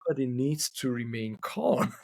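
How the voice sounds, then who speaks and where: In a podcast interview, a Hungarian couple therapist speaks English as a second language, thoughtful and repeating words as he looks for them. His mid-range voice moves at normal speed, recorded without room sound.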